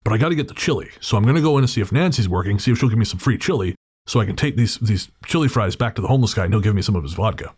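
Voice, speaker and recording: A man's voice: lowish voice, expressive, racing, a little mellow, breathy edge. A man doing a wiry, rambling drifter guy. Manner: chatty, swearing, overfamiliar.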